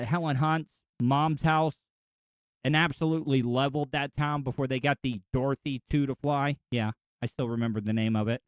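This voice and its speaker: A man in his forties from Florida rambles through a solo podcast, opinionated and chatty. His voice sits a little high for a man. The sound is dry and close, with almost no room around it. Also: no echo. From Florida, USA. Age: 40s. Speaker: podcast host. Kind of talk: casual solo podcast monologue.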